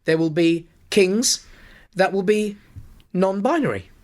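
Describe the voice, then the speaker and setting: Man, pantomime performer, podcast guest, animated anecdotes, acts out dialogue, fairly high voice. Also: slow. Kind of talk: anecdotal storytelling.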